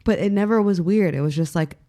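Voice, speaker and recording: A woman's voice: medium pitch, brisk, dark tone. A woman from Los Angeles, a guest musician, giving blunt, candid opinions in casual chat.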